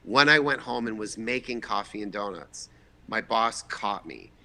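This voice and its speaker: Gravelly bright-voiced storyteller man. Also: lowish voice, moderate pace. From Boston area, USA. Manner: animated, profane, acts out voices in his stories. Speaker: guest filmmaker. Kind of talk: casual storytelling anecdote.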